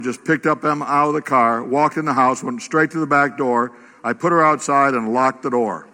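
Bright-voiced preacher in an echoey church. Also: male voice, on the high side. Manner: animated, exclamatory preaching. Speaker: pastor. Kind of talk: sermon.

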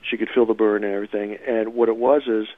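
A man recounting what he lived through in a halting way, with frequent fillers and restarts. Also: lowish voice, little pitch movement, no room sound. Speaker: interviewee recounting an event. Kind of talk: personal account. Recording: tinny phone-line sound.

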